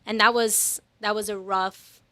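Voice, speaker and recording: A woman's voice: mid-range voice, flat delivery, measured pace, bright, forceful tone, no room sound. A woman in her twenties from New Jersey, chatting as a podcast guest, laughing easily and correcting herself mid-sentence. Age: 20s. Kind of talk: casual testimony chat.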